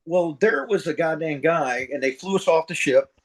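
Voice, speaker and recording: A man's voice: a little high, moderate pace, rough recording. Blunt, profane, rambling veteran man. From central United States. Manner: rambling, profane, blunt, voices sound effects. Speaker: retired Marine sergeant major, guest. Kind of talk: casual storytelling interview.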